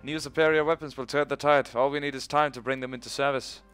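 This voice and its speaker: A man's voice: mid-range voice, steady tone, fast, fairly bright tone, smooth, soft background music, pitched above the performer's own voice, close to an everyday voice. A man voicing a stern German wartime news announcer in a put-on German accent. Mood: grave.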